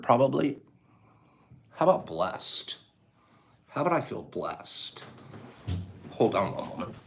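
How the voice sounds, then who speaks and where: A man hosting a casual live stream with a scratchy voice, greeting viewers, joking and breaking into laughter. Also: mid-range voice. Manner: animated, bursts of laughter and loud exclamations.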